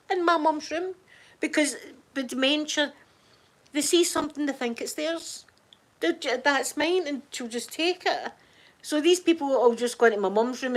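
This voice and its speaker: A middle-aged Scottish woman chatting casually on a live stream, greeting viewers in the chat by name. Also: sits high. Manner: chatty, warm-hearted, reads out chat names.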